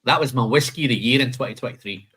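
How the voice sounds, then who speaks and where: A man's voice: mid-range voice, fast talker, a bit bright, a little hiss or hum. A man hosting a live whisky tasting, listing flavour notes and chatting casually, calling people "man" and "mate".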